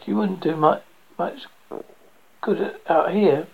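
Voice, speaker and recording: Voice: medium pitch, takes it slowly, creaky, husky, narrow, tinny audio, exaggerated voice. A reader voicing a bitter, gloomy man. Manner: blunt and grim. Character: bitter, pessimistic man, quick to snap.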